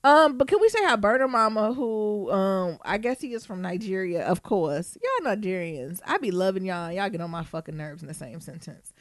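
A woman co-hosting a podcast, chatting casually in an animated, swearing, playful and teasing way. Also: medium pitch, moderate pace, hardly any pauses, no echo, clean studio sound. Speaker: podcast co-host. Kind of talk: casual chat.

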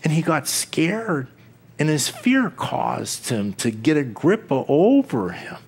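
A man preaching a sermon as pastor, slow and deliberate, with dramatic pauses, sudden quiet drops and chuckles between points. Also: on the high side, big pitch swings, husky.

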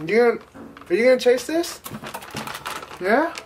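A woman's voice: on the high side, lively intonation, moderate pace, a little hiss or hum. A woman chatting casually and talking offhandedly to a dog. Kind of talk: casual chat.

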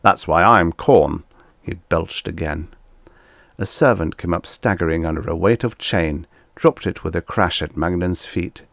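Deep-voiced man reading vintage sci-fi. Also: moderate pace, gravelly, no echo, studio quality. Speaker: audiobook narrator. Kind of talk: scripted narration of vintage science fiction.

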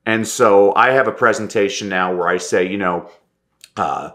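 A man telling stories as a podcast guest and presentation coach, animated and acting out quoted lines, often restarting words as he talks. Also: lowish voice, normal speed. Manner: lively, stammers restarts, acts out quotes. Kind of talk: animated anecdotal storytelling.

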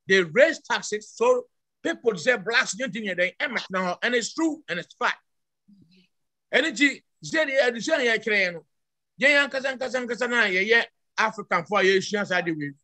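A man's voice: extremely high pitch, sharp tone, no echo. A Ghanaian man in his sixties giving an emphatic response in a church discussion, mixing English words into his talk. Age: 60s.

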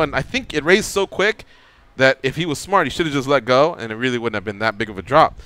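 A man's voice: medium pitch, fairly quick, clean tone. A middle-aged man hosting a radio show, telling a story casually and acting out the quotes. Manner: animated storyteller, acts out quotes.

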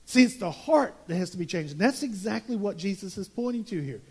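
A man's voice: high-pitched, expressive, brisk, breathy edge. A man preaching a verse-by-verse sermon as pastor, emphatic and prone to repeating words as he builds his point.

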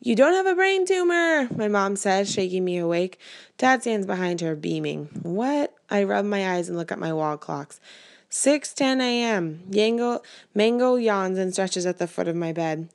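Woman, audiobook reading, first-person novel, slightly low pitch, even measured delivery. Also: gravelly. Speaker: reader.

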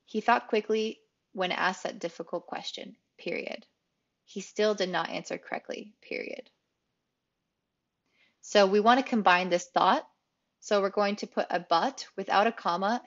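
A woman English teacher explaining grammar rules in a clear, explanatory way, repeating key phrases for emphasis. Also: medium pitch, lo-fi sound. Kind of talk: grammar lesson.

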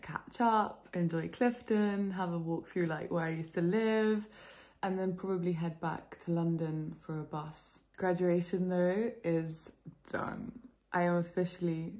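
A woman in her twenties vlogging casually to camera, chatty and excitable, with many fillers. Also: fairly low pitch. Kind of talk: casual vlog chat to camera.

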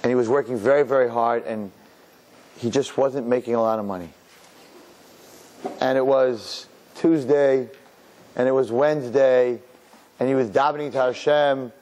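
A middle-aged rabbi telling a story as a sermon, acting out the characters and mixing in Yiddish and Hebrew words. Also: male voice, medium pitch, moderate pace, pauses often, darkish tone.

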